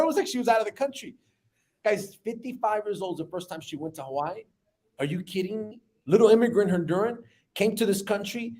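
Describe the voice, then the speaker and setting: A business owner in his thirties tells an emotional personal story in an animated way, his voice sitting high and often repeating words.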